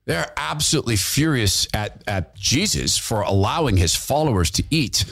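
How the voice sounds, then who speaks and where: Impassioned man with lively, swooping pitch. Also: normal speed, vocal fry, husky. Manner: impassioned, emphatic, repeats phrases for emphasis. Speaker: podcast host, former radio host. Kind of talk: opinion commentary monologue.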